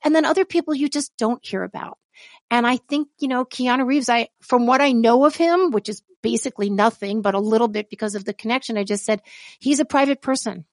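Woman, podcast co-host, higher pitch, dry close sound, rambling casual chat. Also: a little fast, no room sound. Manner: rambling, laughs often, trails off mid-thought.

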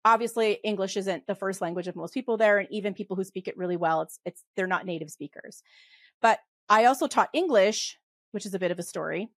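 A middle-aged woman with a Western Canadian accent, a podcast guest talking fast and animatedly in casual conversation, often laughing and restarting her sentences. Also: mid-range voice, dry recording. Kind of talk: casual interview talk.

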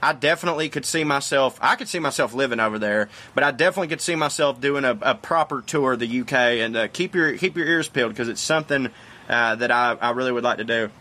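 A man's voice: mid-range voice, quick pace, bright, forceful tone. A man, chatting casually and profanely as he answers fan questions on his porch. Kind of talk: casual Q&A monologue. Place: outdoors on a porch.

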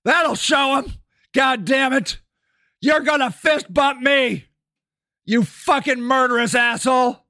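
A man doing a mocking impression of a male president, shouting profane bluster. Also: very high voice, takes it slowly, no echo, clean studio sound, pitched above the performer's own voice, full character voice.

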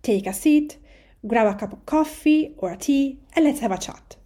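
A woman from Tuscany speaks English with an Italian accent, her voice sitting a little high yet soft and mellow. She talks calmly and conversationally, like a host settling in for a chat with her listeners. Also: normal speed. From Tuscany, Italy. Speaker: podcast host and food writer. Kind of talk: personal podcast address.

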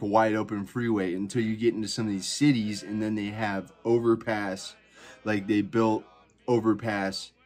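Rambling, profane storytelling man. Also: on the low side. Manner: rambling, profane, many fillers. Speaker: podcast host. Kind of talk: casual storytelling.

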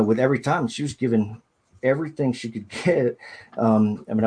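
A man, a podcast guest, recounting a personal ordeal in a halting, hesitant way, often restarting his sentences. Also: medium pitch, mellow, husky. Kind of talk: personal storytelling in an interview.

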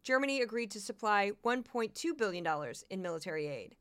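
A woman hosting a casual commentary podcast, chatty and prone to quick asides and repeated words. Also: medium pitch, animated, fairly bright tone, clean tone. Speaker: podcast host.

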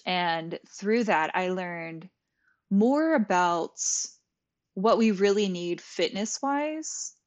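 Slow-talking woman sharing her story. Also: medium pitch. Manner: candid, frequent "like", acts out her own past thoughts. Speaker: guest, yoga teacher. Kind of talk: conversational storytelling.

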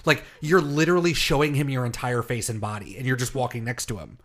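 A man's voice: medium pitch, quick pace, fairly bright tone. A man co-hosting a podcast in casual chat, laid-back and joking, often laughing as he talks. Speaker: podcast co-host.

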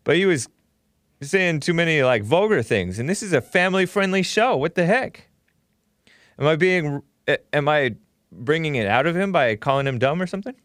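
A man's voice: on the high side, lively intonation, normal speed, fairly bright tone, dry recording, clean studio sound. A man hosting a call-in talk show, chatting casually, laughing often and reading viewer messages aloud. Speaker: host.

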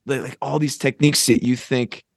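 A man in his thirties hosting a podcast, a lively storyteller who acts out what others said, and he is losing his voice. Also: medium pitch, fairly quick, creaky. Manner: animated storyteller, acts out quotes. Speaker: podcast host. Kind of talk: casual podcast chat.

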